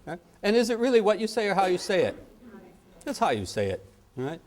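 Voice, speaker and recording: In a brisk, high-sitting voice, a middle-aged man delivers a spirited parenting lecture. He jokes around and plays out mini scenes complete with sound effects.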